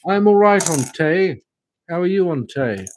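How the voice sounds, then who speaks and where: A man's voice: high voice, lively intonation, a little slow, a little mellow, slight background noise, rough recording. An English man giving tarot readings on a livestream, musing and rambling with chatty asides. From England. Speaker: tarot reader.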